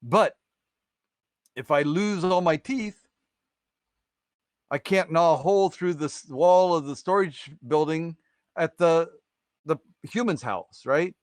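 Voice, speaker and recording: Folktale mother mouse, scared and pleading, higher voice, dry close sound; a man voicing her. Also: slow, long pauses, no room sound. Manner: pleading, repeating herself.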